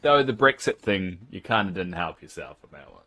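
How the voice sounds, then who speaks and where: A man with a New Zealand accent chats casually and teases his viewers while live-streaming a game. His voice is low, animated and fairly quick, with a sharp tone.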